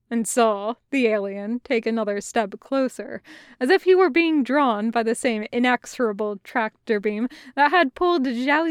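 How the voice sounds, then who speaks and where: A woman narrating a fan fiction audiobook in an unhurried, even reading style. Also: on the high side, clear, resonant tone, dry recording, clean studio sound. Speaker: podfic reader.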